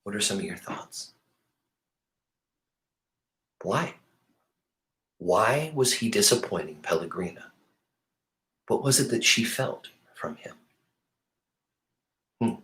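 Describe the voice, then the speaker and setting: Male teacher reading aloud, lively delivery. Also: lowish voice, slow pace, long pauses, roomy sound. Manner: expressive, animated storytelling. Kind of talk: reading a novel aloud to a class.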